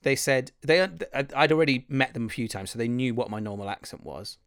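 A man from Wales, an actor hosting a podcast, telling stories in animated, chatty casual conversation. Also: mid-range voice, fairly quick, clean tone, dry recording, studio quality. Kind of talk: casual chat.

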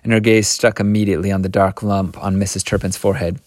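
Low-voiced man reading a story aloud. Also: fast, no room sound, clean studio sound. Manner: steady, with small slips and restarts.

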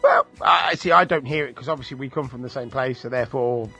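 A man's voice: mid-range voice, vocal fry, pushed and bright, slightly rough, soft background music. A man from England co-hosting a casual radio chat, jokey and talkative. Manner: chatty, jokey, puts on voices in quick bits. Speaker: radio co-host.

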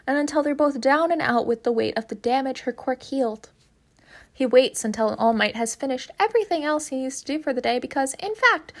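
A woman casually reading a fan story aloud, chatty, emphatic and swearing freely. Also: fairly high pitch. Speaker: fanfiction reader.

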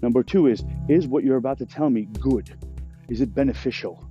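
A man rambles through crude, jokey stories in a very dark, relaxed voice. The recording is dull and lo-fi, with faint music underneath. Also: medium pitch, a little fast. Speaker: podcast host. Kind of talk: casual storytelling monologue.

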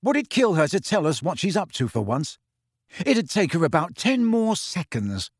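A man's voice: high voice, very animated, moderate pace, breathy edge, dry recording, studio quality, voice pushed up, exaggerated voice. A man voicing a blunt grumbling teenage wizard. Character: blunt hot-headed teenage boy wizard.

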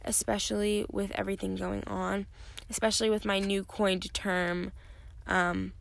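Tired young woman, gravelly and candid. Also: mid-range voice, level tone, a little slow. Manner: candid, rambling, many "like" fillers. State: tired, yawning. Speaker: podcast host. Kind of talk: casual solo podcast talk.

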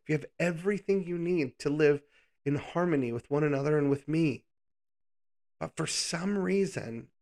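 A man's voice: fairly high pitch, creaky. A man preaching a casual, conversational Bible lesson, asking the listeners rhetorical questions and adding playful asides.

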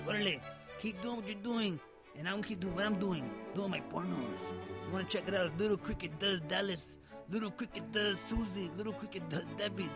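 A man voicing a boastful male ex-con who has made it rich, bragging crudely with slang over a music bed. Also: sits high. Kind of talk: comedy character monologue. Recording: loud music bed behind voice.

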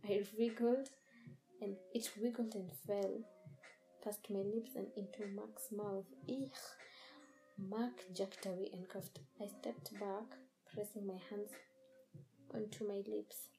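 A woman reading a first-person horror story in a measured, dramatic storytelling manner. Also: mid-range voice, level tone, over music, poor audio. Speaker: narrator.

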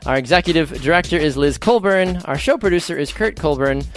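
A man hosting a sports game show podcast, upbeat and teasing his panelists with quick jokes. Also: fairly high pitch, animated, soft background music.

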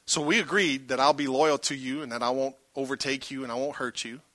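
A man's voice: medium pitch, steady tone, brisk, a bit bright, no room sound, pitched below the performer's own voice, natural voice. A man voicing an ancient patriarch who states his claim firmly, in his own preaching voice. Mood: assertive. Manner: firm and assertive. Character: ancient male patriarch, assertive and calm.

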